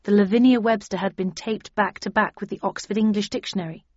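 A woman's voice: mid-range voice, no echo. Woman narrating an audiobook evenly. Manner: measured, even storytelling. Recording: dry, slightly dull audio.

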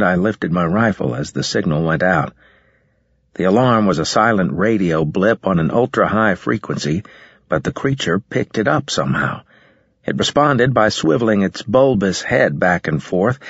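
A man narrating a story in the first person with a steady, measured reading. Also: sits low, breathy edge, no room sound, highs cut off. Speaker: audiobook narrator.

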